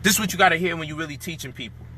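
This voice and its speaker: A man's high, very bright voice in a heated monologue. He rants with frustration, swears freely and lectures his listeners. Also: rapid-fire, slight background noise. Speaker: commentator.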